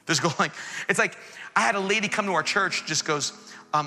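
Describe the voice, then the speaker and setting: A man preaching a sermon to students as their pastor, animated and acting out quoted voices, sometimes rising to near shouts. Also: a little high, quick pace. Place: church auditorium. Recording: echoey hall with faint music behind.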